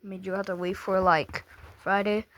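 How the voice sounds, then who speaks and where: A woman casually reacting to a story video, chatty and excitable, rambling with slang. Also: medium pitch, normal speed, no room sound.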